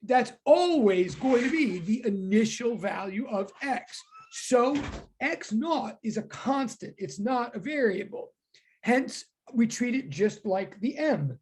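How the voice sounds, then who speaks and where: A woman teaching a physics class online, talking in quick self-correcting bursts. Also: a little high, expressive, a little mellow, husky.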